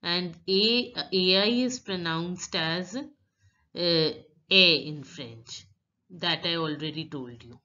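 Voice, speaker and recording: A woman giving a slow, patient pronunciation lesson, her voice bright and a little low. She spells out letters and explains how each sound is said. The recording sounds dull and lo-fi. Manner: reads French words slowly, then explains each sound carefully. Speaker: French teacher.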